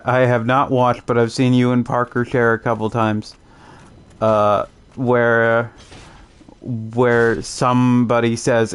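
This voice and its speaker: A young Canadian man streams a game and chats casually in a clear, resonant, medium-pitched voice. He's laid-back and rambling, often restarting sentences and chuckling as he comments.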